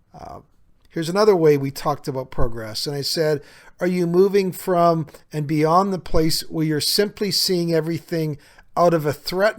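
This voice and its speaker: A man hosting a podcast, talking earnestly and conversationally with frequent small fillers. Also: on the high side. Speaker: podcast host. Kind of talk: reflective solo podcast talk.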